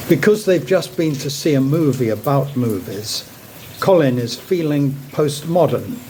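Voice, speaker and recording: A man giving a slow, measured reading of a literary short story. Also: medium pitch, dark tone, slight background noise, rough recording. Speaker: narrator.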